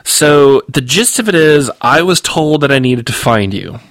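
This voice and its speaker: A man's voice: medium pitch, lively intonation, measured pace, fairly bright tone, no room sound, voice pushed up. A man reading aloud and voicing a nervous, rambling talking male dog in a storybook. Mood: pleading, nervous. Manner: hesitant and rambling.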